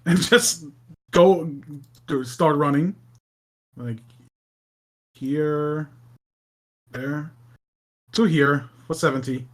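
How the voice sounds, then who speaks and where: A woman playing in a tabletop game, speaking slowly. She is lively and laughs a lot as she acts out her character's lines. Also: low-pitched. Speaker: player.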